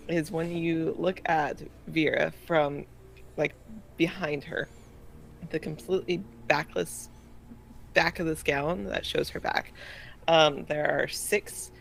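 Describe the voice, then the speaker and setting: Give me a woman with a deep, slow voice describing her character at a game table. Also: creaky, fairly bright tone, a little hiss or hum. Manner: deliberate, with many fillers. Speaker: player.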